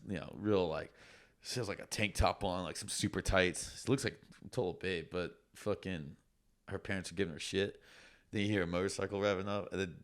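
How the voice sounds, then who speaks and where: A man co-hosting a podcast, chatting casually and telling rambling stories, swearing often. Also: low-pitched. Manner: rambling storyteller, swears a lot. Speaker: podcast co-host. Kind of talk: casual chat.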